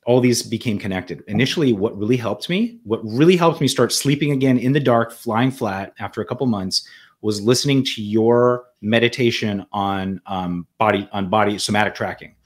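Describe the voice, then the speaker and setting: A man's voice: on the low side, normal speed. Man telling his story earnestly. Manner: earnest, reflective, with many restarts and repeated words. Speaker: interview guest. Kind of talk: conversational storytelling.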